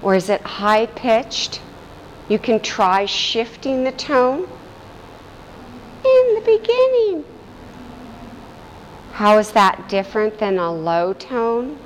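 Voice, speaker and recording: A woman teacher guides a vocal meditation at an unhurried, deliberate pace, her instructions calm and gentle. Her voice sits at an ordinary middle pitch and carries a long, lingering reverb, with faint ambient noise underneath. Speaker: voice and breath teacher.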